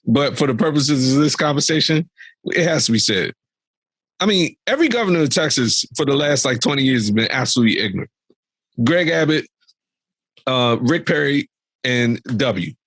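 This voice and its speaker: A man's voice: medium pitch, lively intonation, moderate pace, a bit bright, no echo. A young adult man co-hosting a podcast, ranting animatedly about politics in exasperated casual commentary. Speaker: podcast co-host.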